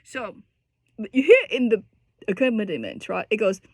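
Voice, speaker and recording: A woman's voice: mid-range voice, very animated, moderate pace, dry recording, clean studio sound. A woman teaching a singing lesson, explaining technique with lots of restarts and breaking into short sung and spoken demonstrations.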